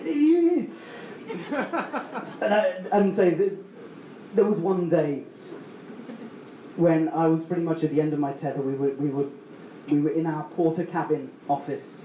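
A man's voice: on the high side, roomy sound, dull audio, a little hiss or hum. A man telling a story on stage at a story slam, rambling and self-mocking with many restarts. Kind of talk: live storytelling.

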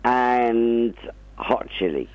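A male caller on a radio phone-in. He speaks slowly and haltingly with a deadpan delivery. The line sounds dry and close, with no room around him. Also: mid-range voice, no echo, dull audio.

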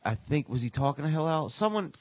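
A man co-hosting a podcast, relaxed in casual chat, making dry remarks and swearing casually. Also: fairly high pitch, fast, dry recording.

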